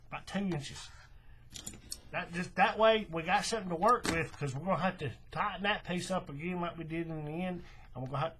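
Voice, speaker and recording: A man's voice: on the high side, fairly bright tone, a little hiss or hum. A man giving a casual, chatty craft demonstration, often checking in with "right?" and correcting himself as he goes. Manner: chatty, repeats "right?" and "okay", restarts and self-corrections. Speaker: paracord bracelet instructor.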